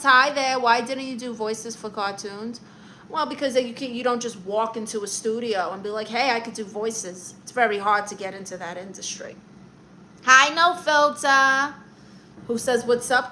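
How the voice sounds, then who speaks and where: Bright-voiced woman chatting on a livestream. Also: mid-range voice, slight background noise, low-quality recording. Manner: chatty, playful, laughs at herself. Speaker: livestream host. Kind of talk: casual livestream chat reading viewer comments.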